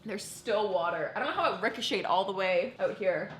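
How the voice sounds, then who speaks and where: Bright-voiced chatty woman in her twenties. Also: medium pitch, normal speed, hardly any pauses. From Canada. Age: 20s. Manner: chatty, animated storytelling with laughs. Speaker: vlogger. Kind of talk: casual vlog chat to camera. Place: home apartment indoors.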